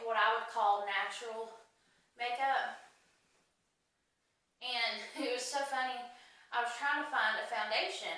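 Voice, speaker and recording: A woman's voice: on the high side, pushed and bright. Chatty woman in a very echoey room. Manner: chatty, breezy, rambling with fillers. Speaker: beauty vlogger. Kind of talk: casual makeup tutorial chat. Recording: very echoey room, mic at a distance.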